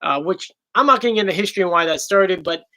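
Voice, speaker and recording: A man's voice: high-pitched, fast talker, pushed and bright, low-quality recording. A young man with a South Jersey accent, chatting casually as host of a livestream Q&A and reading viewer questions aloud. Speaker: YouTube host.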